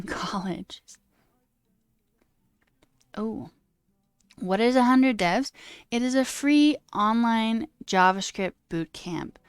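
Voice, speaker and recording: A woman's voice: mid-range voice, clear, resonant tone, no room sound, clean studio sound. A woman streamer chatting casually and reading chat aloud, rambling, laughing often and swearing now and then.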